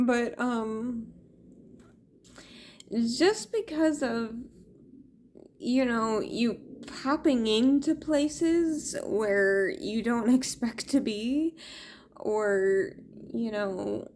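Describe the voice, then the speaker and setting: Slow-talking laughing tarot reader woman. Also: a little high, a little mellow, a little hiss or hum. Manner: laughing, swearing, rambling storyteller. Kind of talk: casual monologue to camera.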